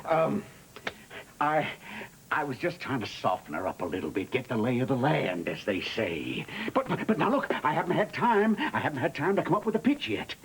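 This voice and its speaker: A man's voice: mid-range voice, big pitch swings, normal speed, fairly bright tone, slight background noise, rough recording. An actor playing a shifty aging con man who stammers and pleads, in a 1980s TV soap opera. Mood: flustered.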